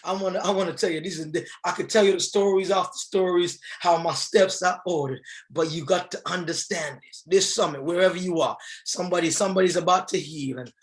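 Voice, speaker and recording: A man giving a fervent, preacher-style motivational speech. He often rises to shouts and leads the audience in call-and-response. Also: high-pitched, a little fast. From England. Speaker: motivational speaker.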